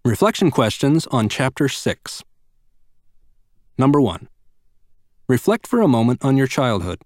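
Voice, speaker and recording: A man reading a parenting book aloud in scripted narration, earnest and measured, speaking straight to the listener. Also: mid-range voice, sing-song, a little mellow, no room sound, studio quality.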